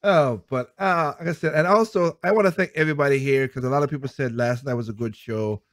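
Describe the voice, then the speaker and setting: A man's voice: mid-range voice, quick pace, no echo. A man hosting a one-man show, rambling casually and laughing often as he reads viewer comments. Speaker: host.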